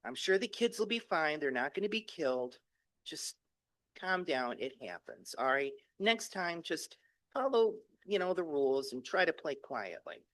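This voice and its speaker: A man voicing a calm, soothing middle-aged mother who speaks in soft, reassuring tones. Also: sits low, unhurried, no echo.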